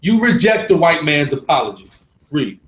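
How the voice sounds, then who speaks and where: Man, forceful preaching voice, emphatic, echoey room. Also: fairly high pitch, very animated, moderate pace. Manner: forceful, emphatic, repeats for stress. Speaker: religious class teacher. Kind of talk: live preaching class.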